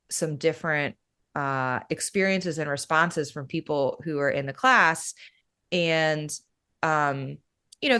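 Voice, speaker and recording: A woman who works as a breathwork facilitator, explaining her practice in a relaxed, casual way that is full of "you know" and "right?". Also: sits low, clear, resonant tone.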